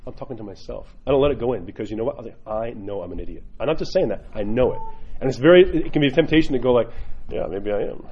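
A man's voice: medium pitch, expressive, racing, husky, lo-fi sound. A man speaking as a priest, giving an informal sermon in a blunt, joking, emphatic way.

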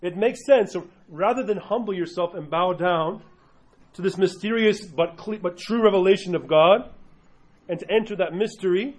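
An Orthodox Christian teacher with a high-pitched voice speaks at a moderate pace while giving a religion class to a group. He often pauses to pose questions to the room, making his rhythm uneven. The sound quality is dull and lo-fi.

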